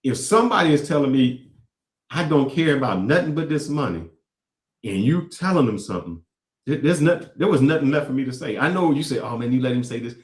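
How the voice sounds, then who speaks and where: A man in his commentary role reacts to clips, swinging his pitch widely as he builds his points with emphatic repetition. His voice rings out in a roomy, echoey space. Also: animated, fairly quick. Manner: emphatic, repeats phrases for effect. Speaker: show host. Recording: echoey room.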